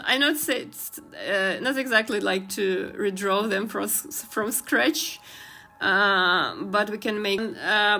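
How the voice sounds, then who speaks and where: A young woman with a heavy Slavic accent talks through a drawing stream, slow and unhurried. Her voice sits a touch high and very bright. She laughs often and fills pauses with "uh". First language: Ukrainian. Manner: chatty, giggly, trails off with many fillers. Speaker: streamer and artist. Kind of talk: casual live-stream chat while drawing.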